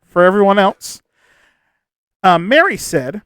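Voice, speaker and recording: A man hosts a game show in a high, light voice. He reads each prompt with upbeat cheer and laughs easily between the players' answers. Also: moderate pace, a bit bright, smooth, no room sound. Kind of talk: hosting an online game show.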